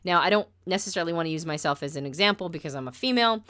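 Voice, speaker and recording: A woman teaching about personality types in a casual, conversational lesson, turning flatter and more deliberate when she makes a point. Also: lowish voice.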